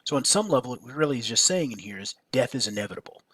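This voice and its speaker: A male teacher talking through a lesson at an even, mid-range pitch. He hesitates a lot, fills pauses, restarts phrases and keeps checking "right?". The sound is dry and close, with no room around it. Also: slightly rough, no echo. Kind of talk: recorded classroom lecture.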